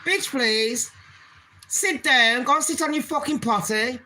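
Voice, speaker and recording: A woman with a high, bright voice delivers casual ranting commentary as host of her own channel. She talks bluntly and scornfully and swears heavily. Her tone stays sharp and forceful throughout, with a little faint noise behind her. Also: measured pace.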